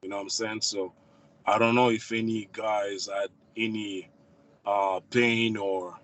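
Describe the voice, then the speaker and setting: A man in a casual call chat, halting and trailing off quietly with many fillers. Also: on the low side, little pitch movement, low-quality recording.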